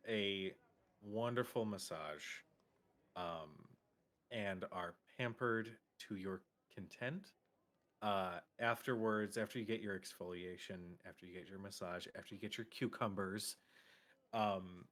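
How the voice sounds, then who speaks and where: A man narrating a tabletop game as game master, relaxed and full of fillers. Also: on the low side. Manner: relaxed, hesitant with fillers, laughs often.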